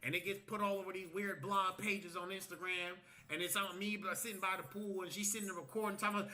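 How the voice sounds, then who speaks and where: A man tells a long story to his livestream audience in a loose, casual way. His voice sits high and sounds very bright and sharp. He swears freely, plays out what each person said, and keeps checking in with "okay?". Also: fairly even intonation, fast, few pauses. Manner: tags lines with "okay?", swears, acts out quotes.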